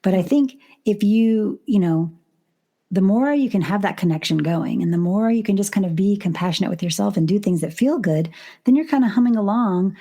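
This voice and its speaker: A woman's voice: medium pitch, a little fast, warm tone. A middle-aged woman, a relationship coach, talking openly and encouragingly as a podcast guest. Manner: open, frank and encouraging. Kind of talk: casual podcast chat.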